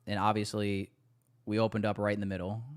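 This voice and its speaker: Speaking briskly in a fairly low voice that barely shifts in pitch, a man streams his day trading live. The tone is clean, and his commentary to viewers is casual and jokey, with the odd swear word.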